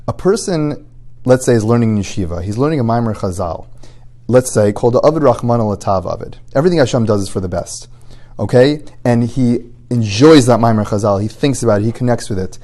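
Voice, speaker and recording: A man's voice: medium pitch, darkish tone. Earnest male rabbi teaching ethics. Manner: acts out both sides of dialogues with students; earnest, explanatory, rising intensity on key points. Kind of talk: short recorded ethics talk.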